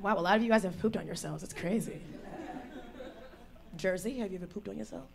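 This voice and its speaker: A woman performing a brash stand-up comedy set live, working the crowd with animated storytelling. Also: medium pitch, brisk, vocal fry. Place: live venue before an audience. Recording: faint crowd noise. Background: audience laughter.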